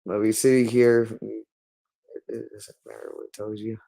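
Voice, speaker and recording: A man's voice: fairly low pitch, little pitch movement, moderate pace, vocal fry, mellow. A man speaking in a hostile, repetitive monologue, berating someone and swearing constantly. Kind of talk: angry monologue.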